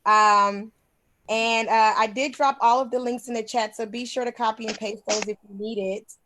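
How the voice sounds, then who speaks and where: A woman's voice: on the high side, steady tone, normal speed, pushed and bright, no room sound. A woman hosting an online session, closing it over a video call in an upbeat, thankful way. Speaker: host of the session.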